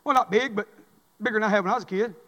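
A man preaches an impassioned sermon, circling back to his phrases again and again. His voice sits unusually high for a man. It carries through a church sanctuary with a long echo. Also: rapid-fire, sharp tone. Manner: impassioned, repetitive preaching cadence. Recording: long hall reverb.

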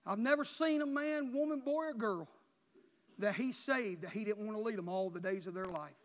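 A man preaching an emotional sermon, swinging from near-shouts down to quiet, low passages. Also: moderate pace. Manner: impassioned, rising to near-shouts then dropping low. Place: church sanctuary. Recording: dull sound with long church reverb.

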